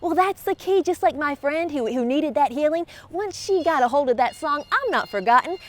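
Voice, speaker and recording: High-voiced woman hosting a devotional talk. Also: expressive, moderate pace. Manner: warm, conversational, laughs often, acts out quotes. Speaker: host of a faith encouragement show. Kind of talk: devotional encouragement talk to camera.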